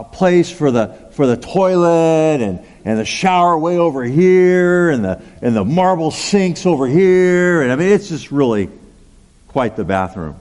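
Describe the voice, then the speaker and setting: A man's voice: on the high side, darkish tone. A male pastor preaching a sermon, telling a personal story in a chatty way with asides like "okay?" and "right?". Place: large church hall. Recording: long hall reverb.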